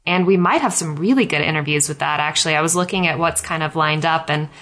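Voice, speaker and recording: A woman's voice: low-pitched, fast talker, fairly bright tone, rough recording. A woman hosting a podcast, chatting casually and rambling with many fillers. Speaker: podcast host. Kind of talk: casual chat.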